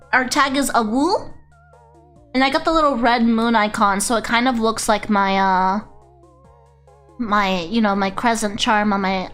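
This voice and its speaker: A bit bright and a little high, this VTuber's voice carries a casual livestream where she reads out messages from her chat. She's giggly and chaotic, often teasing herself as she talks.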